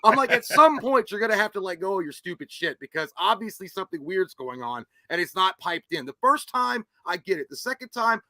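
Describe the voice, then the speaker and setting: High, fast-talking animated man. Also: no room sound. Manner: animated, profane, does mocking voices. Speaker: podcast co-host. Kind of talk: casual movie discussion.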